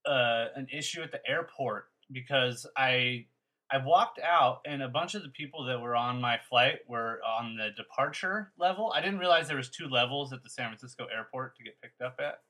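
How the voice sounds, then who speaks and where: Male podcast host, bright forceful tone, chatty, friendly, mid pitch. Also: moderate pace, low-quality recording. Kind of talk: casual interview chat.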